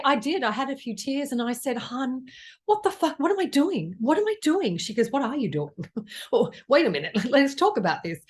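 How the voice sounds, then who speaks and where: A middle-aged woman from Australia talks through an oracle card reading in a loose, chatty monologue. She is blunt and swears freely, and her voice sits at an ordinary middle pitch. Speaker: astrologer and psychic reader.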